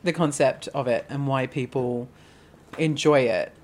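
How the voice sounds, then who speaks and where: A woman's voice: a bass voice, fairly even intonation, unhurried, darkish tone, slight background noise. A woman co-hosting a podcast, talking candidly and chattily, full of "like". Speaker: podcast co-host. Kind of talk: casual chat.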